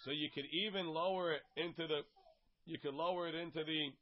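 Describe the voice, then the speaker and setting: A man's voice: fairly high pitch, steady tone, a little fast. A man teaching a casual text study class. He reads each phrase and then translates and explains it in plain words. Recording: dull, lo-fi sound.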